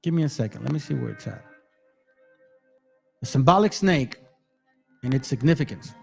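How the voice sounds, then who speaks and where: A man's voice: mid-range voice, animated, moderate pace, gravelly, a little mellow, slightly rough, faint music behind. A man hosting his own channel, talking casually and directly to viewers, swearing freely and calling them family. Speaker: channel host.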